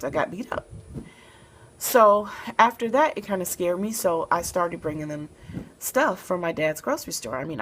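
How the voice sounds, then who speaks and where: Low-voiced soft-spoken woman storyteller. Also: slight background noise, rough recording. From Memphis, Tennessee, USA. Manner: soft-spoken, relaxed, with frequent fillers. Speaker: vlogger telling a personal story. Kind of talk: casual storytelling to camera.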